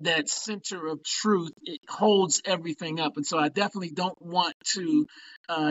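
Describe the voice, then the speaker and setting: An older man, a pastor, talking quickly and preacherly in a casual podcast discussion. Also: on the high side, fairly bright tone, no echo, lo-fi sound.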